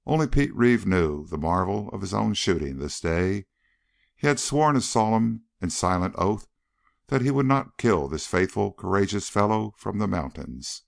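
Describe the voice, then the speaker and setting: A deep-voiced man narrates a Western novel for an audiobook. His delivery is dramatic, and his pitch swings widely as he tells the story. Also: vocal fry.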